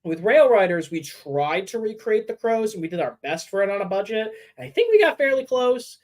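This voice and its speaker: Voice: medium pitch, very animated, fairly quick, darkish tone, rough recording. A fan film creator chatting casually on a livestream, rambling and thinking aloud, with frequent swearing.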